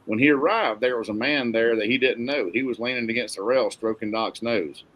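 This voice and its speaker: A man reading a novel aloud in a steady, plain storytelling manner. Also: mid-range voice, brisk, poor audio. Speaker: narrator.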